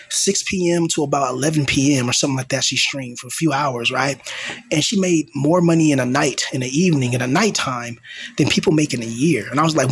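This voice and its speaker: A man's voice: a little high, breathy edge, dry recording. A young man hosting his own channel, venting in a raw, confrontational monologue and repeating himself for emphasis. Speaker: channel host.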